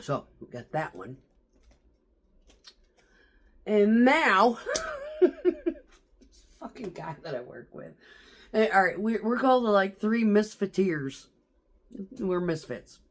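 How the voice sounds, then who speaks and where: A woman's voice: medium pitch, huge pitch swings, slow pace, pauses often. A middle-aged woman telling stories in a casual vlog, chatty and profane, laughing often. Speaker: vlogger.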